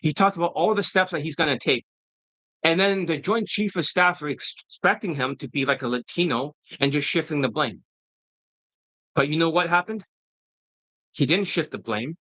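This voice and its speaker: A man's voice: fairly high pitch, moderate pace, bright, forceful tone, dry recording, rough recording. A man who works as a dating coach, giving a profane, combative and mocking monologue in a casual style.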